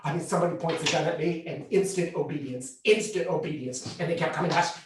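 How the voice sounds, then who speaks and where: A man performing a one-man stage show, telling his story with vivid, expressive delivery in a slightly raised pitch. The sound is very echoey, caught from back in a large theatre. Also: fast, background noise. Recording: roomy theatre heard from a distance.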